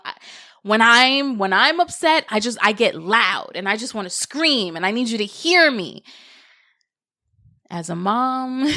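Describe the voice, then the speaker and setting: A young woman hosts her own podcast, talking casually and earnestly about parenting. Her voice is smooth and clear, recorded close and dry with no room sound. She grows animated when recounting stories. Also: mid-range voice, dry recording. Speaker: podcast host. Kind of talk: casual solo podcast talk.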